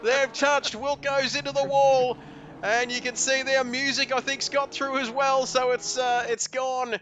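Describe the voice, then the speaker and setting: A man giving excitable live commentary on a sim race, with frequent "uh" fillers. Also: very high voice, unhurried, dull audio. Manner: excitable, hesitant fillers, building to shouts at the finish.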